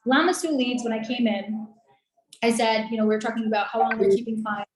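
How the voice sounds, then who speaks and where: A woman talking in a chatty, upbeat, persuasive way, pitching her business on a video call. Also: fairly even intonation, a little fast. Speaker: lead generation and call center business owner. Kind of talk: casual sales pitch on a coaching call. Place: in Colombia. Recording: roomy echoey room.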